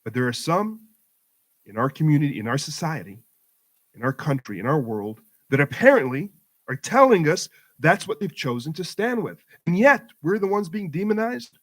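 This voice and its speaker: A man's voice: fairly high pitch, big pitch swings, normal speed, fairly bright tone. A middle-aged man giving an impassioned talk to a community audience at a mosque event, building his points through emphatic rhetorical repetition. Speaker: guest speaker at community program.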